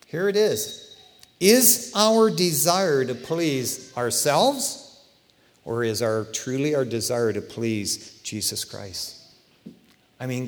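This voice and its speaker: A middle-aged man preaching a sermon as pastor, conversational and impassioned, swinging between loud outbursts and hushed asides. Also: medium pitch. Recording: long hall reverb.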